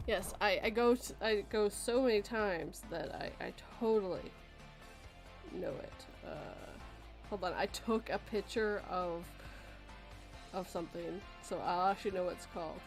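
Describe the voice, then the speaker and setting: A woman from Canada hosting a casual podcast chat, talking in an animated, chatty way and laughing often. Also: mid-range voice, a little slow, music in the background. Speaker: podcast host.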